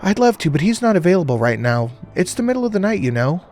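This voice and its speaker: A woman's voice: medium pitch, very animated, normal speed, darkish tone, soft background music, pitched above the performer's own voice, natural voice. A man voicing a female phone dispatcher in a horror audiobook, chirpy and sweet on the surface, turning cold and mocking. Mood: sugary polite. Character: woman dispatcher, cheerful then cold and sinister.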